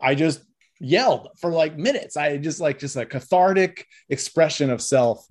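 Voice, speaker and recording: A man with a voice on the high side, speaking at a moderate pace, co-hosts a sports podcast full of casual, joking chat. He's animated and jokey, and he acts out little quoted voices.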